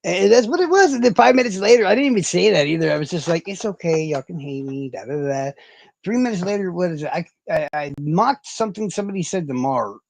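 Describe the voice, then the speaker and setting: Animated, foul-mouthed male streamer. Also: high-pitched, quick pace, gravelly, hardly any pauses, no room sound. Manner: rambling, profane, self-mocking. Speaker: livestream host. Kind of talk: casual livestream chat.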